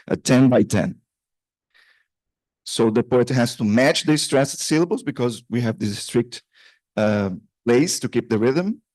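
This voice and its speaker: A man's voice: mid-range voice, darkish tone, no room sound. A man giving a conference paper talk, hesitant, with many restarts and fillers. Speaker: conference presenter. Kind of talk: academic paper presentation. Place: conference room.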